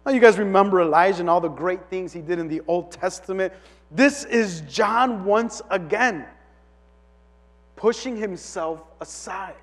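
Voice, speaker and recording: High-voiced guy preaching casual, lots of "like", long hall echo. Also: moderate pace. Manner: conversational, many "like" fillers and restarts. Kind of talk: casual teaching sermon. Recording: long reverb of a large hall.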